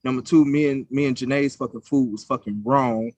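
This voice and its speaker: A man's voice: medium pitch, fairly even intonation, fairly quick, darkish tone, no room sound. A young man co-hosting a podcast, telling stories in a casual, profane, heated way. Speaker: podcast co-host. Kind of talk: casual chat.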